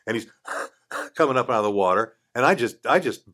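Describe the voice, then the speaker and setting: A man's voice: mid-range voice, normal speed. An older man, a guest in a radio studio, telling a story casually and acting out the voices of the people in it. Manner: animated, acts out quoted voices, chuckles mid-story. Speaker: podcast guest.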